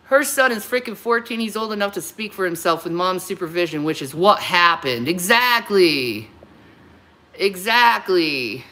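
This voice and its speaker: A woman's voice: fairly low pitch, lively intonation, measured pace, bright, forceful tone, slight background noise. A woman in her thirties hosting a livestream, answering her critics in a heated, confrontational rant and often repeating herself. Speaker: livestream host.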